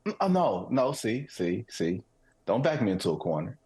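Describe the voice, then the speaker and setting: A man from Detroit co-hosting a sports talk show, measured and deliberate in debate. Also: lowish voice, big pitch swings, darkish tone. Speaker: co-host.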